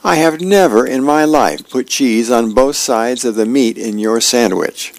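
A man's voice: medium pitch, unhurried, vocal fry, dry recording. A man reading a comic strip aloud and voicing an older wife who is indignant and incredulous.

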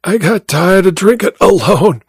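A man voicing a dying small-time male crook, raspy and fatalistic, in a spoken noir story. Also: high voice, animated, unhurried, no room sound, studio quality, pitched above the performer's own voice, heavily acted. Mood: dying rasp.

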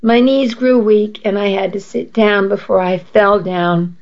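A woman narrates a first-person story at an unhurried pace, measured and a little halting at times. Her voice sits mid-range, and the recording sounds dull and lo-fi. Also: mid-range voice, fairly even intonation, a little mellow. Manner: measured, with small restarts.

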